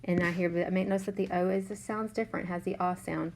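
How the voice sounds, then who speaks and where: A woman teaching a third grade class, slowly and patiently sounding out letters and words. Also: lowish voice, steady tone, background noise. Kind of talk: remote spelling lesson.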